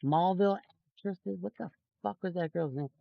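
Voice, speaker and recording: Speaking at normal speed in a high, creaky voice, a stock market streamer angrily rants and swears his way through livestream commentary. He puts on mocking voices for the people he quotes, and the dull lo-fi recording is dry.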